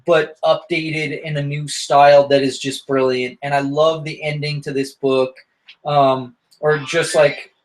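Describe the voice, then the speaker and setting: A man's voice: on the high side, level tone, measured pace, low-quality recording. A man hosting a casual comics podcast, talking in an enthusiastic, rambling way. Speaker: podcast host reviewing comics.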